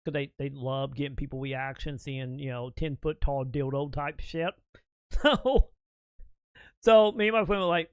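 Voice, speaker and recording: A man's voice: fairly high pitch, normal speed, clean tone, dry recording. Profane rambling male streamer, dry close mic. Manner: profane, rambling, laughing storyteller. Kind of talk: casual storytelling to chat.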